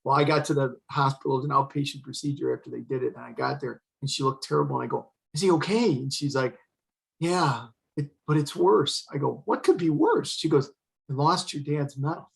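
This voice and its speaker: A man's voice: mid-range voice, steady tone, brisk, gravelly, rough recording. An older man, a retired fire chief, telling a personal story as an interview guest, earnest and acting out the dialogue he quotes. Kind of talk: emotional storytelling in conversation.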